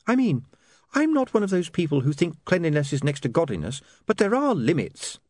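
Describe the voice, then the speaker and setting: Guy doing a prim snappy young lady, way up high, lively, dry. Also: fairly quick, dry recording. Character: young woman, prim and sharp.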